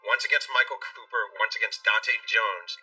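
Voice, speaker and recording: A man, an author guest on a talk show, telling a story at a brisk pace and acting out what people said. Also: on the low side, sharp tone, clean tone. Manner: brisk storyteller who acts out quotes. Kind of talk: interview storytelling. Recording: distant mic, faint music behind.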